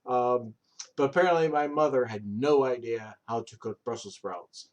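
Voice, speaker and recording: A man's voice: mid-range voice, moderate pace. A man in his thirties chatting casually on a stream, rambling and swearing freely, with many ums. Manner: rambling, filler-heavy, profane storytelling. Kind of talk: casual chat.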